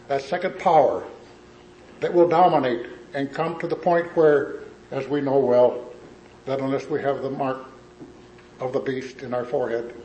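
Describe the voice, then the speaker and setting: A man preaching a sermon and reading scripture aloud, earnest and halting, often repeating and correcting himself. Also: on the high side, darkish tone, echoey room, highs cut off, slight background noise.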